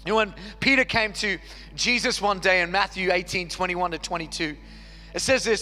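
A man's voice: sits high, animated, a little fast, pushed and bright. A man, preaching a sermon as pastor with an earnest, repetitive cadence. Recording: long reverb hall with faint music.

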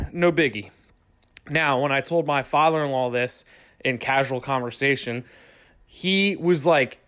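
A young man telling a long story in casual speech, excitable and swearing, with lots of "like". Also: fairly high pitch. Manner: swearing, excitable, heavy use of "like".

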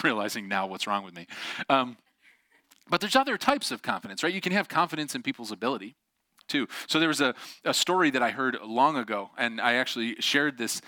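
Bright-voiced man preaching casually. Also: medium pitch, dry recording. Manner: animated, acts out quoted voices. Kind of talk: casual sermon with storytelling.

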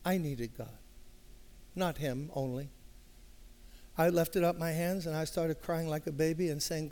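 A man's voice: on the high side, a little slow, darkish tone. An older man with a New York accent, a pastor telling a story in a sermon, conversational and acting out dialogue, swelling into emphatic passion. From Brooklyn, New York. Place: church sanctuary.

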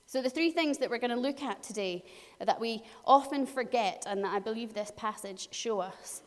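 Woman preaching in an echoing hall. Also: medium pitch. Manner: lively storytelling, acting out voices in the story. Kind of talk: sermon.

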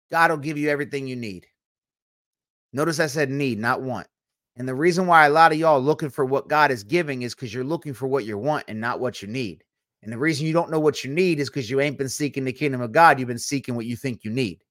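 A young man with a drawl gives a teaching sermon, talking straight to his listeners in a blunt, casual voice. His pitch sits in an ordinary middle range, and the dry, close sound has almost no room around it. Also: brisk, fairly bright tone, no room sound. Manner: conversational, blunt, teasing asides. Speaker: preacher.

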